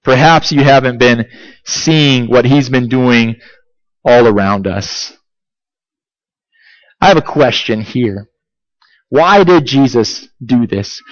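A male pastor delivers a sermon at a slow, deliberate pace, pressing his listeners with one rhetorical question after another. His voice sounds close and dry, with a dull, muffled recording quality. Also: mid-range voice, dry recording. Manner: asks repeated rhetorical questions, emphatic and deliberate.

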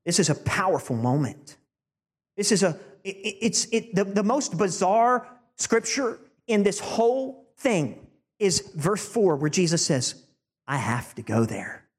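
A male preacher delivering a sermon, animated and emphatic, building to forceful peaks. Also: high-pitched, measured pace, breathy edge. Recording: long church-hall reverb.

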